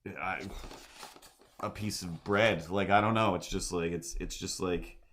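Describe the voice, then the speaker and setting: A man's voice: deep voice, steady tone, measured pace, fairly bright tone, slight background noise. Rambling, self-mocking man on a livestream. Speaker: streamer and artist. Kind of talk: casual livestream chat.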